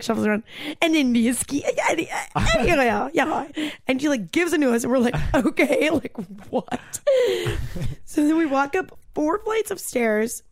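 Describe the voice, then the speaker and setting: A young woman in her twenties telling a story on a casual podcast, animated and fast, full of "like" and swearing. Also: on the high side, no room sound, studio quality.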